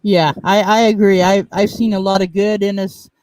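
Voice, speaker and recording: High-voiced man chatting with many fillers. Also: flat delivery, moderate pace, a little mellow, rough recording. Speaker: guest. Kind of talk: casual chat.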